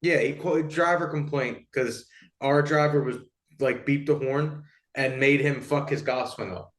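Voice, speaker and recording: A man's voice: medium pitch, fairly even intonation, normal speed, echoey room. A man co-hosting a podcast who tells stories in a rambling way, with lots of fillers and swearing. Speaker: podcast co-host. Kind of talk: casual chat, storytelling.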